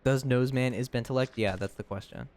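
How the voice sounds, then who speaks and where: A man's voice: brisk, darkish tone, a little hiss or hum. A man streaming live, chatting with his viewers in a rambling, giggly way. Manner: giggly, rambling, breaks into high laughing shrieks. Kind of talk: casual live-stream chat.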